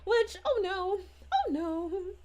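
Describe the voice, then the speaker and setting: A sweet, bubbly young princess, as a woman plays her on a character livestream, chatting in a high, gushing voice. Her sing-song lines swoop up and down all over, full of giggles. She sounds delighted with everyone. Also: very animated, slow pace, a little mellow, exaggerated voice. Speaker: character streamer reading chat.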